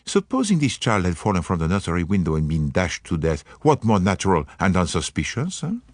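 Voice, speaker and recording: A man voicing a fastidious, shrewd older detective in an audiobook, speaking formally, precisely and methodically. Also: low-pitched, very animated, no echo, clean studio sound, full character voice. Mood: measured.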